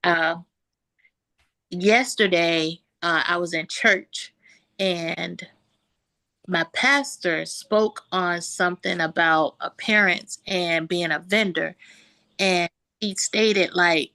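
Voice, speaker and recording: A woman telling a lively story on a group video call about her insurance work. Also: on the low side, slow pace. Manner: animated storytelling, quoting others. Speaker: insurance agent sharing a win. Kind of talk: casual group call testimony.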